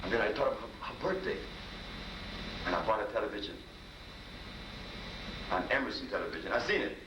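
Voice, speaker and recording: A man's voice: lowish voice, animated, fairly quick. A man giving a storytelling lecture as a healer, folksy and repetitive, acting out dialogue. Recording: echoey room, distant mic, noisy.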